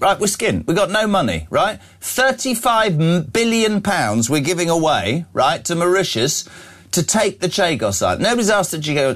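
A man presenting opinionated news commentary, sarcastic and jokey. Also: a little high. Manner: sarcastic, animated, jokey asides.

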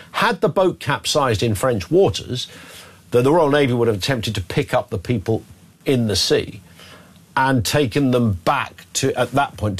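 A man presents a radio phone-in. He talks in a wry, exasperated, bantering way, often slowing down for emphasis. His voice sits at a middling pitch.

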